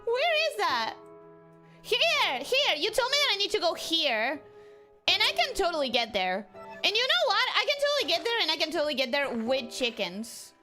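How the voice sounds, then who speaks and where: Bubbly high-voiced woman streaming a game. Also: sing-song, moderate pace, bright, forceful tone, faint music behind. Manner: bubbly, chatty, talks to chat. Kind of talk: casual game stream chat.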